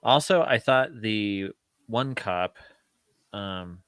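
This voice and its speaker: Low, forceful, halting podcast man. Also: lively intonation, smooth, no echo. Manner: halting, rambling, many restarts. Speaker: podcast co-host. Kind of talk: casual film review chat.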